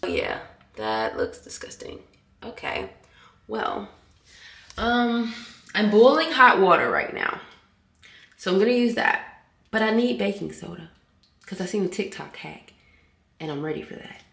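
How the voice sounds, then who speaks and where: A woman's voice: mid-range voice, big pitch swings, unhurried, vocal fry, long pauses, fairly bright tone, echoey room. A woman, talking to camera in a casual vlog, chatty and blunt, swearing freely. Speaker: vlogger.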